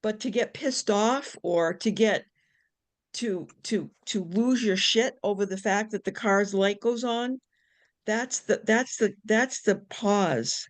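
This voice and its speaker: A woman nurse chatting on a video call with friends, animated, acting out inner voices, with many restarts and casual swearing. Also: mid-range voice, slow pace. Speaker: nurse, book club member.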